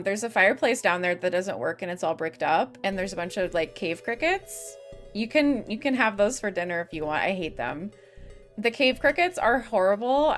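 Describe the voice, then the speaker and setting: A woman's voice: mid-range voice, a bit bright. A young woman from the US Midwest streaming a game, rambling in casual chatter that is giggly and full of swearing.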